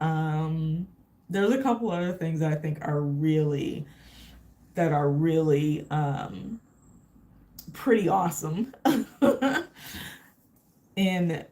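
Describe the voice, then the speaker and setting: A woman's voice: sits low, warm tone. A woman from Texas, chatting casually with viewers on a travel livestream, full of fillers and meandering asides. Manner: rambling, many fillers. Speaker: travel vlogger. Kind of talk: casual live chat with viewers.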